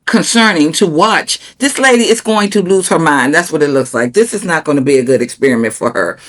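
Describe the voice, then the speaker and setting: Sassy lady ranting about tv couples, blunt, cusses, voice shoots up when she's mad. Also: a little fast. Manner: sassy, blunt, swears freely; animated, jumps high in pitch when outraged. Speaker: TV reality show reviewer. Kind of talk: casual commentary.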